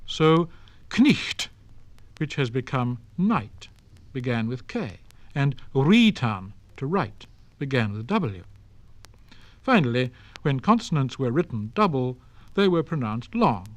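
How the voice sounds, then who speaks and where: Man, scripted lecture, precise and deliberate, lively pitch, dry 1960s studio LP. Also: no room sound. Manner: precise, deliberate, slows to voice example words. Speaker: lecturer on Old English. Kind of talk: scripted spoken-word lecture.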